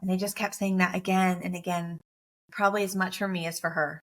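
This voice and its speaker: A woman's voice: fairly low pitch, flat delivery, fairly quick, fairly bright tone. Earnest woman telling a heartfelt story. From United States. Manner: earnest and emotional, repeating key phrases. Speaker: guest, motivational speaker and coach. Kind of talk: heartfelt personal storytelling in an interview.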